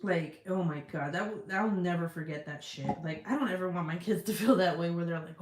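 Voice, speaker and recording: A middle-aged woman talks in a low-set voice, reading out viewer comments in loose, rambling chat. She leans on "like" and swears freely. The room gives her voice a noticeable echo. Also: fairly quick, few pauses. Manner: chatty, swears freely, lots of "like" fillers. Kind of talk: casual chat. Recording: echoey room.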